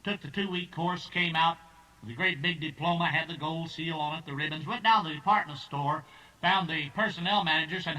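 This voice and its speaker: A man tells drawn-out folksy jokes in a high, bright, forceful voice. He sounds set back from the microphone. The recording comes from an old tape. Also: a little hiss or hum. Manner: drawling storyteller, puts on character voices. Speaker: stand-up comedian. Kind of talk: folksy joke-telling. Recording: distant, old tape transfer.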